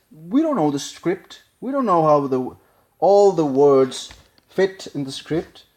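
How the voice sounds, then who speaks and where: A man with a Spanish accent, a native Spanish speaker, casually analyzing a film scene, halting and searching for words. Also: a little high, darkish tone. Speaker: acting learner.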